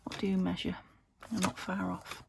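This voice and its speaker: A woman's voice: fairly low pitch, flat delivery, moderate pace, vocal fry, very noisy. A woman vlogging about her crafts, chatting casually and thinking aloud as she works, sometimes half-whispering. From United Kingdom. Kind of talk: casual crafting chat to camera.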